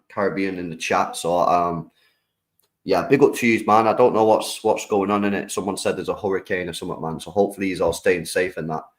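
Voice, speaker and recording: Slangy British man, low voice. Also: rough recording. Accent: British English. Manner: slangy, animated, talks to the chat. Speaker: streamer host. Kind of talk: live-stream football reaction chat.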